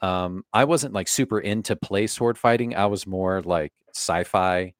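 Low-ish guy rambling casually on a movie podcast, swears a bunch, dry close sound. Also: a little slow, no echo. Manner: loose and chatty, swears casually. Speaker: podcast co-host. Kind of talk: casual film-review chat.

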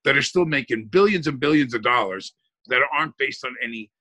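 A man's voice: medium pitch, lively intonation, brisk, bright, forceful tone. A man chatting on a podcast in long, emphatic run-on sentences. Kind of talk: casual chat.

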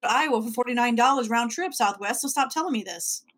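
A woman's voice: on the high side, fairly quick, fairly bright tone. A woman co-hosting a casual podcast, who teases the guest and asks questions.

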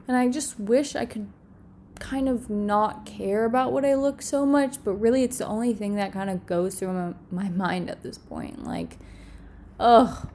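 Alone in her room, a young content creator nearly cries through an emotional confessional vlog, rambling and leaning heavily on filler words. Her mid-range voice is unhurried and darkish, with a little hiss or hum in the background.

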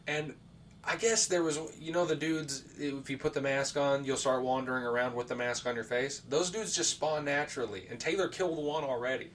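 A podcast co-host rambles through casual chat and stories, swearing a lot and using plenty of fillers. His voice is a little high and fairly bright, and he sits a bit far from the mic, with faint background hiss.

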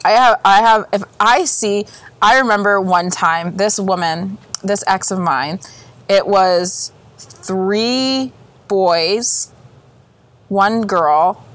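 A woman's voice: mid-range voice, slow pace, no echo. A woman co-hosting a podcast, chatting casually with blunt, profane, fired-up storytelling and frequent laughter. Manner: laughs often. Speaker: podcast co-host. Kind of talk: casual chat.

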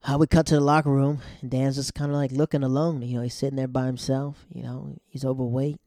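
A man's voice: medium pitch, level tone, quick pace, warm tone, dry recording, clean studio sound. A man casually recapping a TV episode in a chatty, slangy way, now and then acting out the characters' lines.

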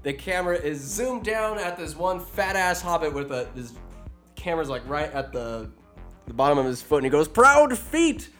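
A man's voice: a little high, normal speed, faint music behind. A man retelling a movie in a loose, crude, joking way, as a comedic host.

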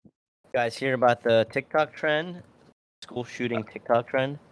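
A young man co-hosting a podcast, telling crude stories in a deadpan way during casual banter. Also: medium pitch, a little slow, clean tone. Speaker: podcast co-host.

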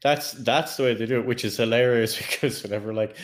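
An Irish man co-hosting a podcast, chatting in an animated, jokey way and laughing often. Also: mid-range voice, fairly quick. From Ireland. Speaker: podcast co-host. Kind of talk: casual podcast chat.

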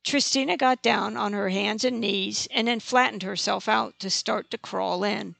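Audiobook narrator, steady plain reading, gravelly texture, dry close sound. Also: medium pitch, moderate pace, dry recording. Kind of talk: scripted narration.

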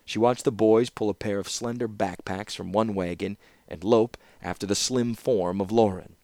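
A man narrating a fantasy novel in measured audiobook style. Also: fairly low pitch, fairly even intonation, darkish tone, dry recording. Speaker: fan audiobook reader.

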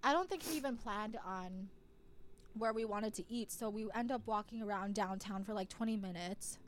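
A young woman telling a dating story in casual, profane chat, swinging from mumbles into loud outbursts. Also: medium pitch, normal speed, a little hiss or hum. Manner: animated, profane, big swings into shouting.

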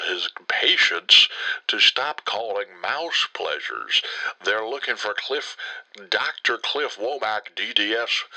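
A man's voice: fairly low pitch, bright, forceful tone, no room sound, exaggerated voice, poor audio. Man doing a breathless rambling uncle on voicemail. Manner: slow, rambling, repeats the listener's name constantly. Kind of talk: comedic voicemail character bit.

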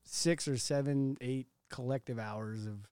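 A man's voice: mid-range voice, steady tone, unhurried, darkish tone. A man co-hosting a casual podcast, profane and joking, often laughing and mimicking others. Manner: profane, laughing, mock voices. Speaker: podcast co-host.

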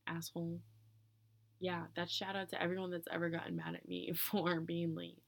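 A young woman talking to her own recorder in a casual, profane monologue, blunt and ranting, with loud bursts of indignation and breathy whispered asides. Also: fairly low pitch, little pitch movement, moderate pace, no echo. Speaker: solo vlogger answering question prompts. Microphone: own recorder close by.

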